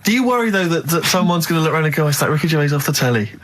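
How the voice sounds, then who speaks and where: English bloke co-hosting radio, dry deadpan grumbles, slightly higher voice. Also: male voice, rapid-fire. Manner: dry, reads out listener emails, deadpan complaints. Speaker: radio co-host. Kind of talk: casual radio banter. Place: radio studio.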